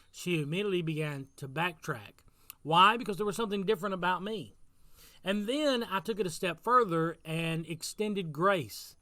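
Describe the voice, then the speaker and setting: A man's voice: fairly high pitch, bright, forceful tone, no echo. A man giving a casual devotional talk as pastor, telling a story in an earnest way and repeating phrases for emphasis.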